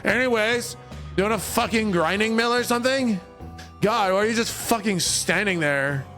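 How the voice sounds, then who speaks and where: A man voicing a foul-mouthed, sassy woman who sells grinding mills. She swears constantly and speaks with rapid-fire scorn. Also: high-pitched, fairly bright tone, soft background music. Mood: scornful.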